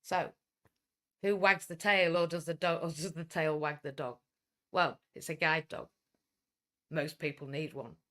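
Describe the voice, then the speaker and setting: A woman with a Welsh English accent talks on a livestream, blunt and outspoken, never beating around the bush. Her voice is bright and forceful, with a hard edge when she pushes a point. She runs a coaching business and swears freely once she gets going. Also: low voice, steady tone, moderate pace. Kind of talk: livestream talk.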